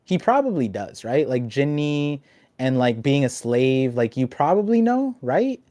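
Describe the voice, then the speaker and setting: A young adult man hosting a casual podcast chat, talking in an animated, rambling way with lots of restarts. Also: mid-range voice, measured pace, dry recording. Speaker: podcast host.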